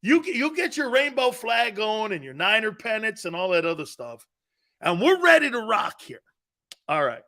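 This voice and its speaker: A man's voice: high-pitched, moderate pace. A man hosting a live sports talk show, teasing viewers and laughing often as he reads their comments. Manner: animated, teasing, laughs often, mock apologies.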